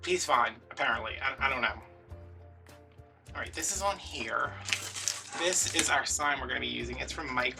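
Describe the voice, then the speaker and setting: A man, chatting and telling an animated story while he makes a craft at home. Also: mid-range voice, normal speed, creaky, long pauses, recorded from a distance, over music. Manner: chatty, animated, acts out quotes. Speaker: craft vlogger.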